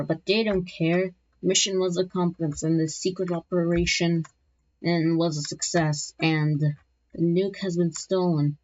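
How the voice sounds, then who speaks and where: A woman talks through a map scenario in a loose, rambling way, often stopping and restarting with joking asides. Her voice is on the low side and she speaks slowly. The audio is dull and lo-fi, with a dry, close sound. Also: darkish tone. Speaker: map video narrator. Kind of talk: casual commentary narration. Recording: dull lo-fi recording.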